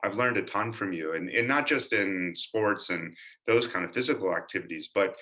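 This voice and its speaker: Bright-voiced man telling family stories. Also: sits low, normal speed. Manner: earnest, animated storytelling with lively quoted voices. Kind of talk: personal storytelling narration.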